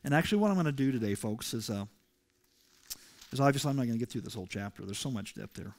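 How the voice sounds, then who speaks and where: A male pastor preaching a sermon to his congregation, emphatic and rising loud when he reads scripture. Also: medium pitch, animated, fast. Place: church sanctuary.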